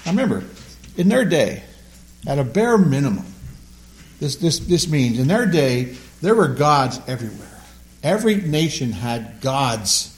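A man's voice: mid-range voice, darkish tone. A man leading a Bible class, teaching emphatically and often repeating words as he stresses a point.

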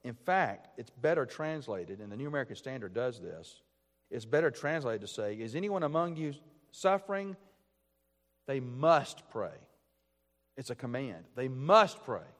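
A man's voice: medium pitch, expressive, moderate pace. Earnest preaching man in reverberant sanctuary. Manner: earnest, emphatic, repeats key phrases. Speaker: pastor. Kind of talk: sermon. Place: church sanctuary. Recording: long church reverb.

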